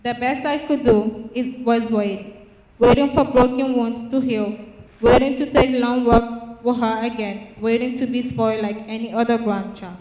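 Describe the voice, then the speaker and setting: A teenage girl reading her own poem aloud at a public reading, earnest and halting with restarts. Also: on the high side, fairly even intonation, mellow, a little hiss or hum. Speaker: student writer. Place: church hall at a public reading. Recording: echoey church hall from far off.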